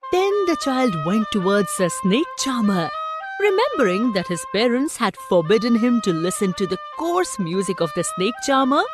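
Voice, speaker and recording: Slow, expressive woman teacher narrating a story. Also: mid-range voice.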